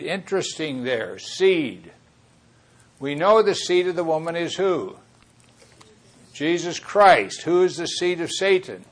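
Man, preacher, Bible teaching sermon, earnest, self-correcting, mid-pitched. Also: lively intonation, measured pace.

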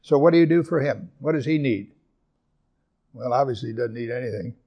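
A man pastor preaching a sermon, earnest, repeating and slowing down on scripture verses for emphasis. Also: mid-range voice, husky, lo-fi sound.

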